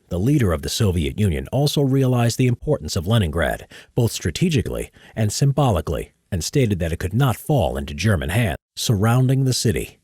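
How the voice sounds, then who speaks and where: A man's voice: sits low, a little mellow, breathy edge, no room sound, clean studio sound. A man recording history narration takes live, chatting casually between careful read-throughs. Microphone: studio microphone.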